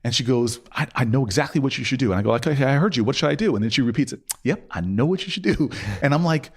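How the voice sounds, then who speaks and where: A man telling a story as a podcast guest, acting out quoted dialogue with sudden jumps up in pitch, and often restarting and repeating words. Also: rapid-fire. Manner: frequent restarts and stammered repeats. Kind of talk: animated storytelling in a podcast interview.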